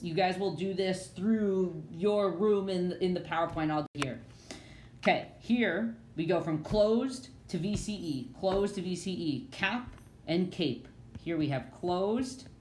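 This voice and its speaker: Woman, phonics teacher, lively sing-song delivery, low-ish voice, echoey room. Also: slight background noise. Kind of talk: phonics lesson for children. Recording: echoey room with faint ambience.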